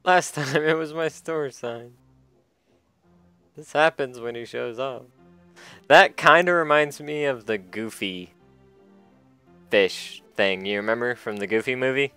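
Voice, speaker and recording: Bright, clear-voiced man chatting over gameplay. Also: medium pitch, measured pace, long pauses, faint music behind. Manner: chatty, laughs often, reads game dialogue aloud. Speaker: let's play host. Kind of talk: casual gameplay commentary.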